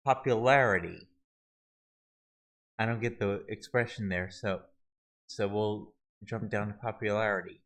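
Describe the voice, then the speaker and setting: Low-voiced man stumbling through a tutorial. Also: steady tone, a bit bright, rough recording. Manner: halting, many restarts and fillers. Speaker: video tutorial host. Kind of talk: screen-recorded walkthrough.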